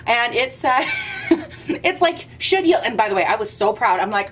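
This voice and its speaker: A young woman chatting casually to her camera at home as a vlogger, animated and a bit out of breath, with playful rants. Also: fairly high pitch, normal speed, slight background noise. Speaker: beauty vlogger.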